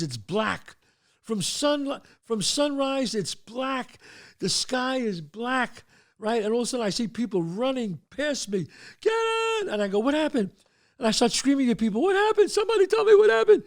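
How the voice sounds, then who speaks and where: An older man hosting a show, telling stories casually and acting out the voices in them. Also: high voice. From the Bronx, New York. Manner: animated, acts out voices in his stories. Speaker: host. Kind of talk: casual storytelling.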